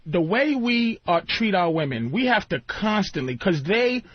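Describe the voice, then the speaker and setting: High-voiced husky man, lively and profane. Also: normal speed, dry recording. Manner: profane, animated storytelling with acted-out quotes. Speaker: guest comedian. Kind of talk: radio show talk. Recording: lo-fi radio broadcast.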